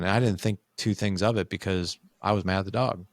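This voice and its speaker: Speaking briskly in a low-pitched voice with no room sound, a man in his forties guests on a podcast. He tells a candid family story in casual conversation, animated as he acts out what people said.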